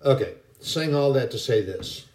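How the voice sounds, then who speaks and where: A man giving a casual devotional talk in a folksy, rambling way, with many pauses and restarts. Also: medium pitch, lively intonation, a little mellow. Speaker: Christian speaker.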